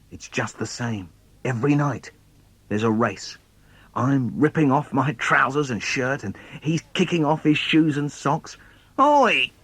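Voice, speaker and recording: Animated man telling children's poems. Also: medium pitch, dry recording. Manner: animated, theatrical, gasps and whispers for suspense. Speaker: children's poet performing his poems. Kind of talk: dramatic storytelling reading for children.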